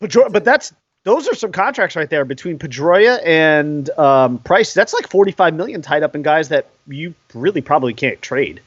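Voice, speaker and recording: Podcast co-host, man in his forties, animated storyteller, pitch a touch high. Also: normal speed, no room sound, lo-fi sound. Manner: animated storyteller, laughs often. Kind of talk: casual sports chat.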